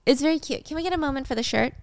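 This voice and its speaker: A young woman casually retelling a drama's plot to viewers, animated, with playful asides. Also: sits high, racing, vocal fry, slight background noise. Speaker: video host retelling a drama. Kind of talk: casual story recap.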